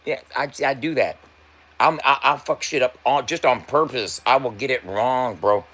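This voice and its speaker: A man's voice: medium pitch, normal speed, bright, forceful tone. A man, a tattoo artist and rapper, telling a loose, profane story to his viewers, laughing often, repeating and stumbling over his words, stoned.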